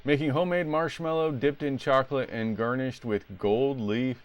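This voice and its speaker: A man's voice: medium pitch, fairly even intonation, moderate pace. A man live-streaming retro games, chatting casually and rambling as he plays at home. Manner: rambling, self-correcting.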